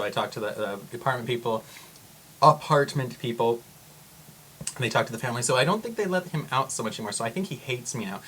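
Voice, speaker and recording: A man vlogging to camera, telling a story in a rambling, excitable way with frequent exclamations. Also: fairly low pitch, a little hiss or hum.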